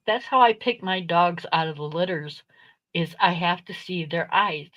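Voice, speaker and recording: A woman's voice: fairly low pitch, normal speed, a bit bright, rough recording. An older woman, a grandmother, hosting a casual live stream, laid-back and chuckling with short agreeing replies. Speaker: host of a coloring live stream.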